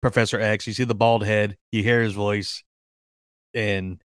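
Smooth-voiced excitable male podcast host. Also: lowish voice, measured pace, no echo, clean studio sound. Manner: excitable, rambling with many fillers and restarts. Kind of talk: casual chat.

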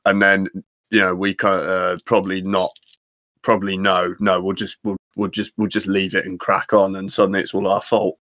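A man's voice: sits low, completely flat delivery, normal speed, fairly bright tone, dry recording, clean studio sound. A man in casual chat who rambles, stammers on restarts and swears often.

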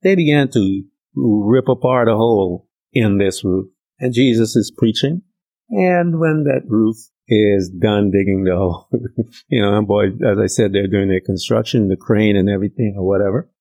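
A man preaching a casual sermon, telling scripture stories in a conversational, slangy way and acting out the characters' lines with sudden jumps in pitch. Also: normal speed, mellow, low-quality recording.

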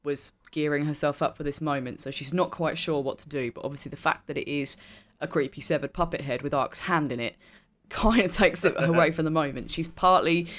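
A woman's voice: low-pitched, a little fast, hardly any pauses. A woman playing a tabletop role-playing game, talking casually and laughing easily. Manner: chatty, giggly. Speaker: player.

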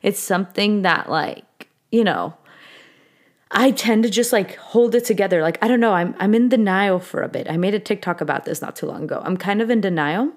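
A woman's voice: mid-range voice, fairly quick. Candid woman in her late twenties. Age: late 20s. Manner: candid, emotional, code-switching into Spanish words. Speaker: podcast host. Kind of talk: personal storytelling.

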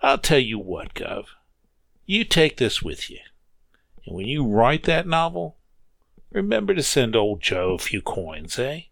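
A man's voice: mid-range voice, sing-song, measured pace, gravelly, a bit bright, no room sound, pitched above the performer's own voice, full character voice. A man voicing a folksy, jovial old railwayman with a hearty, drawling in a storybook reading.

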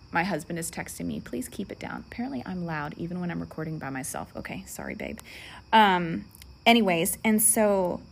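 A woman's voice: lowish voice, vocal fry, a little hiss or hum. A woman in her thirties hosting a faith podcast alone at home, telling personal stories and acting out the voices in them. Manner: animated storyteller, acts out quoted voices. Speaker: podcast host.

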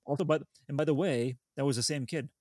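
A man's voice: on the high side, quick pace, a little mellow. A man hosting a casual movie podcast, rambling and joking with frequent restarts. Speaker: podcast host. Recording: remote call with glitches.

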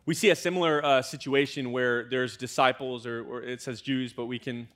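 A young American man, a student pastor, preaching a conversational sermon with lively asides to the congregation. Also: medium pitch, moderate pace. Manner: conversational, animated preaching with fillers and audience asides.

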